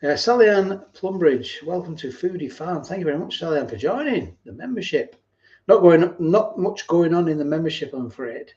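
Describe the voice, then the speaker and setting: A man hosting a casual live stream, reading viewer comments and thanking them by name, sometimes dropping into low asides. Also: lively intonation, normal speed, a little mellow, highs cut off. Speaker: host of a food channel live stream.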